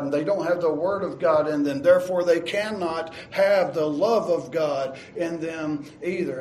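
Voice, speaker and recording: A man preaching a sermon, earnest and repeating his words, reading scripture aloud slowly. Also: a little high, a little mellow, echoey room, a little hiss or hum, low-quality recording. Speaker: pastor.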